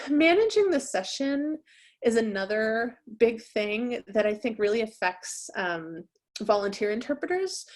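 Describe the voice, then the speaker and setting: A woman leads a training session in an easy, conversational way. She keeps checking that her listeners follow along, and her voice sits at an ordinary middle pitch. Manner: conversational, checks in with frequent "right?". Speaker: interpreter trainer. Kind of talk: webinar training presentation.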